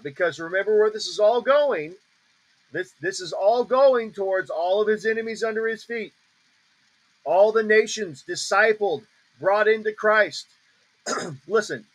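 A man teaching on a ministry call in a preaching style, emphatic and repeating declarations slowly with heavy stress on each word. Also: high-pitched, a bit bright, low-quality recording.

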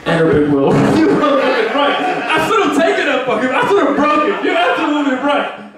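A man's voice: very high voice, sing-song, moderate pace. A man from Virginia doing brash, profane open mic stand-up comedy in a small pub, laughing at his own jokes. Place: small pub with a live crowd. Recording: echoey room from far off with crowd.

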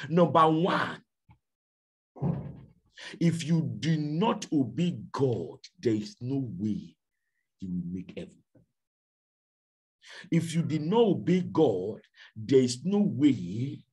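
A man preaching a sermon, telling a story dramatically and swinging from hushed to shouting. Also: mid-range voice, big pitch swings, slow, pauses often. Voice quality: very husky. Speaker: pastor.

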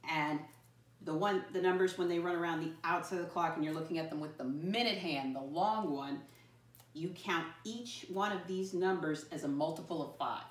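Encouraging teacher spelling words out slowly. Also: female voice, fairly low pitch. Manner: encouraging, slow and clear, spells words letter by letter. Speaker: first grade teacher. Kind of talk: classroom lesson to young children. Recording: roomy sound from a distant mic.

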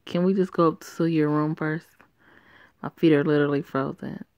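A woman's voice: low-pitched, fairly even intonation, moderate pace, clear, resonant tone, dry recording, dull audio, close to an everyday voice. A woman voicing a tomboyish teenage girl who speaks in a blunt, defiant way. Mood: earnest.

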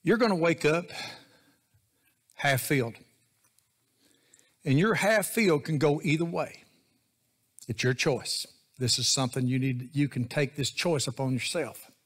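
A man's voice: fairly high pitch, unhurried, long pauses. A man preaching a sermon as associate pastor, in a folksy, joking, conversational way.

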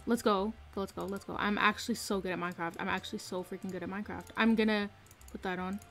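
A woman streaming a game live from her room, excitedly commenting and repeating herself with hyped exclamations. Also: mid-range voice, fast. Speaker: gaming streamer.

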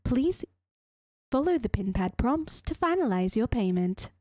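A woman voicing a supermarket self-checkout machine in a flat, measured announcer tone. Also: fairly high pitch, no room sound, clean studio sound. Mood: prompting.

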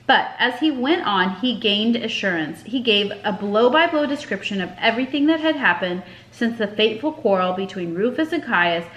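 A woman narrating a children's chapter book aloud with expressive storytelling. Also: mid-range voice, normal speed, few pauses. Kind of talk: audiobook narration. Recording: echoey room.

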